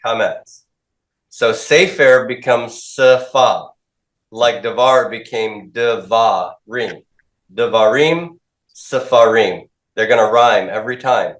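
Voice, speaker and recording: A man's voice: mid-range voice, slow, a bit bright. A man teaching a class, asking questions, drilling students and repeating their answers back. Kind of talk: classroom lecture with call-and-response drills. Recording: echoey classroom.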